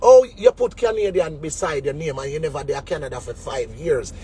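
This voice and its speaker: A man's voice: on the high side, expressive, fairly quick, dark tone, breathy edge. A man with a Jamaican accent in a casual comic rant, mocking people and dropping into sneering quoted voices. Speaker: DJ ranting on a web show.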